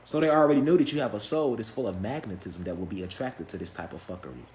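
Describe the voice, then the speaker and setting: A man's voice: fairly low pitch, expressive, fast talker, a little mellow, reverberant, slight background noise. A man giving a spiritual lecture to a live class, emphatic and profane, firing rhetorical questions and answering them himself. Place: lecture room with a live audience.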